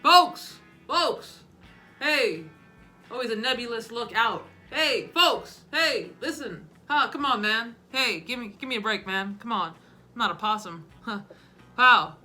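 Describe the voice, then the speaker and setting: A drowsy elderly male politician who keeps barking out to the crowd to stay awake, as a woman impersonates him. His voice sits high and sharp, jumping up in loud bursts. Faint music plays underneath. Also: animated, a little slow. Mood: shouty. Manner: rasping, shouting "folks" to wake himself.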